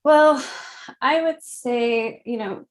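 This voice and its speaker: A woman in her thirties, a guest in an interview, speaking gently and reflectively, with frequent soft laughs. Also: sits high. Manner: slow, gentle, reflective, laughs softly often. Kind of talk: conversational interview.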